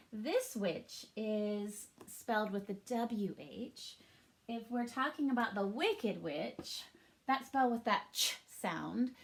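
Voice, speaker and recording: A woman teacher leads a recorded reading lesson for her class. She talks at an unhurried, deliberate pace and spells words out letter by letter with patient care. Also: medium pitch.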